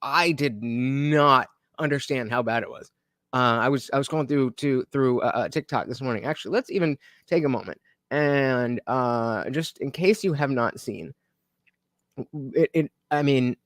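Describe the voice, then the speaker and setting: A man's voice: mid-range voice, a little slow, fairly bright tone, dry recording, clean studio sound. A man hosting a livestream, chatting casually to his viewers and reacting to a podcast clip, rambling with lots of fillers and restarts. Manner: chats directly to viewers.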